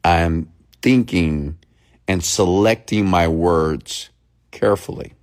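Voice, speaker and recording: Slow, deliberate low-voiced man. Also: a little mellow. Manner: slow, deliberate speech with long pauses, often checking in with the audience; mimics fast rambling talk to show the contrast. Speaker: motivational speaker on a live stream. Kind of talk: live-stream coaching talk.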